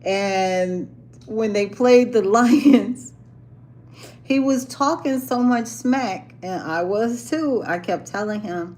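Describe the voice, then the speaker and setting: A woman's voice: medium pitch, slow, darkish tone. Playful chatty woman, laughing often. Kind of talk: casual chat.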